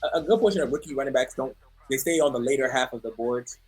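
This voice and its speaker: Husky man hosting casual sports chat. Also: mid-range voice, fast, a little mellow. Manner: hesitant, repeats words, steers discussion. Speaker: podcast co-host. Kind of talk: casual fantasy football chat.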